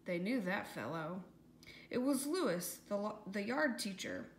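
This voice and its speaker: A woman's voice: mid-range voice, sing-song, a little slow. Woman, rhyming storybook narration, lilting sing-song, echoey room, faint hiss. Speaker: audiobook reader.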